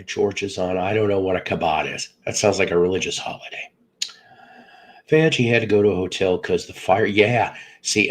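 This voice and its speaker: Poor audio captures a low male voice belonging to a middle-aged livestream host. Congested from illness, he rambles and jokes while greeting viewers by name in an easygoing chat.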